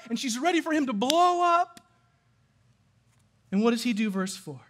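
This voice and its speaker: Middle-aged male preacher, high-pitched, animated delivery with questions to the congregation. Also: normal speed, long pauses. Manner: animated, asks the audience questions. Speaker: pastor. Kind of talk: sermon.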